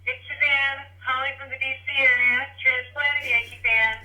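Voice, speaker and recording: A woman's voice: sits high, little pitch movement, moderate pace, bright, forceful tone. A woman leaving a playful, hesitant voicemail for a podcast. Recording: tinny phone line from a distance.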